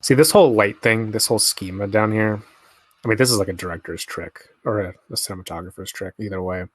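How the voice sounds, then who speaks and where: A man's voice: fairly low pitch, fast, dry recording. A young man giving casual, laid-back movie commentary, musing aloud and swearing freely. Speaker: film commentary host.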